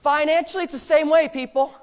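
This pastor talks fast with fairly even intonation as he preaches in the sanctuary. His emphatic delivery jumps between loud outbursts and low, humorous side comments.

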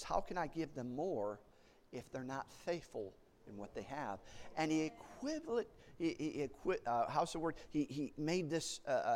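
Animated man preaching a sermon. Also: mid-range voice. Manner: animated, repeats and restarts words, acts out panicked voices.

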